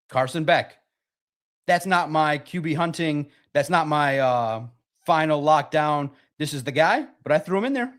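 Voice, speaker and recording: Man, high voice, raspy, excitable, rambling, casual sports talk host. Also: measured pace. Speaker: podcast host.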